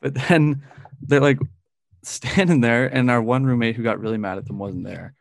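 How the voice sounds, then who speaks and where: This mid-range, gravelly male voice belongs to a podcast co-host in his twenties telling a story at a moderate pace. He wanders as he talks, leans on "like" constantly and laughs a lot, and the sound is dry and close with no echo.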